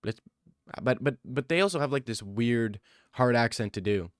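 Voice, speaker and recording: Young male streamer, teasing and defensive, average pitch, dead-dry sound. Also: expressive, moderate pace, no room sound. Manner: defensive, joking replies to chat, says bro a lot. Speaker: livestreamer reading chat. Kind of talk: casual livestream chat.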